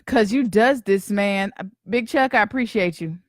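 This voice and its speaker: A woman's voice: mid-range voice, moderate pace, no room sound, studio quality. A woman podcast host in casual live-stream chat, slangy and talkative, greeting viewers by name.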